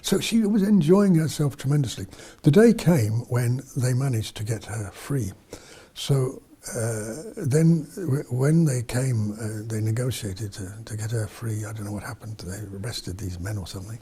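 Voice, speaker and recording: A man's voice: mid-range voice, moderate pace, dark tone, husky. A man, a priest and missionary, telling stories in an interview, rambling with many fillers and restarts. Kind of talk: storytelling in an interview.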